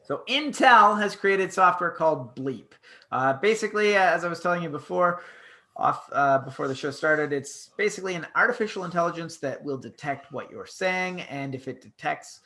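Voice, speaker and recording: A man's voice: on the high side, lively intonation, normal speed, sharp tone. A man with a Canadian accent co-hosting a casual late-night stream, rambling with fillers and restarts. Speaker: podcast co-host.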